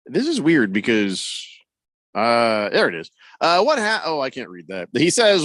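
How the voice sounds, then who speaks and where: Lively, playful sports radio host. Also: male voice, medium pitch, measured pace, no room sound. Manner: playful, laughing, teasing. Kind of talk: casual sports talk banter.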